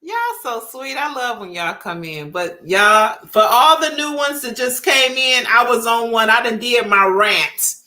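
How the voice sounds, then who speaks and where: A woman's voice: on the high side, unhurried, hardly any pauses, sharp tone. A woman, chatting casually with viewers as host of her livestream. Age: 50s. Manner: chatty, talks straight to viewers.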